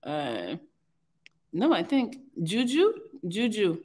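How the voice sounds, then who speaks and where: A woman's voice: medium pitch, wildly swooping pitch, takes it slowly, darkish tone. A woman hosting a live call-in chat, who laughs often and teases her guests. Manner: laughing, teasing. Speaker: host.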